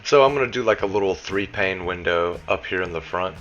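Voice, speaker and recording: A man's voice: sits low, a little fast, fairly bright tone, dull audio, a little hiss or hum. A man with a Southern US accent giving a casual, chatty voice-over for a game building tutorial, dropping plenty of "you know" asides. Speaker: game building guide creator.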